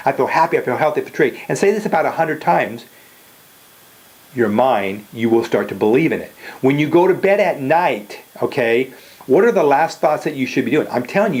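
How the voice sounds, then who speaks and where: Older guy giving a motivational talk, blunt and direct, keeps saying okay and you know. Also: mid-range voice. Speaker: motivational speaker.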